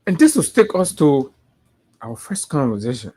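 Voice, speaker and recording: A man's voice: a little high, sing-song, moderate pace, a little mellow, husky. A man with a Liberian English accent hosting a morning show, giving impassioned political commentary and repeating phrases for emphasis.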